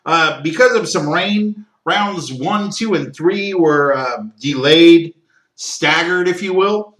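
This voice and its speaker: Bright-voiced man hosting a sports podcast. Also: on the high side, takes it slowly, echoey room. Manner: opinionated, ranting, frequent throat-clearing and fillers. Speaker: podcast host. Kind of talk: solo sports talk podcast.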